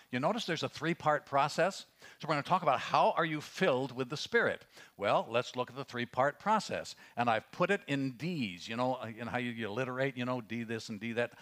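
A man's voice: mid-range voice, a bit bright. A man preaching a sermon in a conversational way, often hesitating with fillers and rising to emphatic questions. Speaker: pastor.

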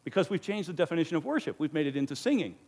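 A man's voice: fairly high pitch, very animated, rapid-fire, a little mellow, slightly rough. A man in the role of pastor, giving an earnest, emphatic teaching sermon into a microphone and asking rhetorical questions. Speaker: pastor teaching a Bible study.

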